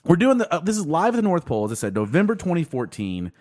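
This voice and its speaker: A man hosting a casual podcast with friends, his voice rising and falling a lot as he talks. He rambles through stories, fills them with swearing and restarts, and stays loose and chatty. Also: quick pace. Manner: rambling, swearing, lively pitch. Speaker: podcast host.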